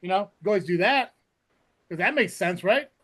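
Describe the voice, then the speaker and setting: A high-voiced man co-hosting a casual podcast. He rants and swears freely and mimics the people he is mocking. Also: lively intonation, moderate pace, fairly bright tone. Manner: profane, ranting, mocks others in quoted voices. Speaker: podcast co-host. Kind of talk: casual chat.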